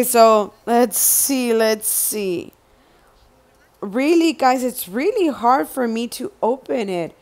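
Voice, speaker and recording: A young woman with a high, smooth voice unboxing items for her vlog, talking in an unhurried way. She turns excited easily, exclaims often and repeats herself as she shows each item. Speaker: vlogger.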